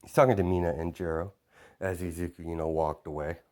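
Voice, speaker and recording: A man with a lowish voice narrating his own fan-made story in a loose, casual way. He rambles and leans on fillers as he explains what happens next. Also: fairly even intonation, a little fast, a little mellow.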